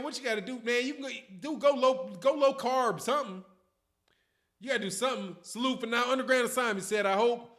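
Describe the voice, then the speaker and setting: A man in his fifties hosting a boxing livestream, talking in slangy, animated casual commentary and answering viewer chat. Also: sits high. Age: 50s. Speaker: boxing channel host.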